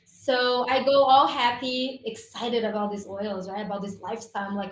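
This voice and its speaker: A woman's voice: on the high side, level tone, normal speed. A woman giving an enthusiastic, chatty product talk on a live stream over a video call. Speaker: guest presenter on essential oils. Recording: roomy echo, faint room ambience.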